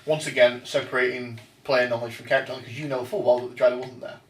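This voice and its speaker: A man's voice: medium pitch, steady tone, fast talker, distant mic. A man hosting a casual chat about tabletop games, often hesitating and restarting his sentences. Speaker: podcast host. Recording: roomy echo, off-mic, faint noise.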